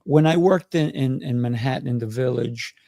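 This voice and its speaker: A man's voice: mid-range voice, moderate pace, vocal fry, mellow, dry recording. A man hosting an interview, enthusiastic and affirming, often agreeing with his guest. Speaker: show host, interviewer. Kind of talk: conversational interview.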